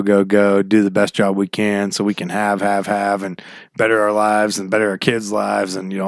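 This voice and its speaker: Man, radio host, casual chat, low voice, dry sound, rambling, easy laughter. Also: no echo. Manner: chatty, rambling, laughs easily. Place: home office.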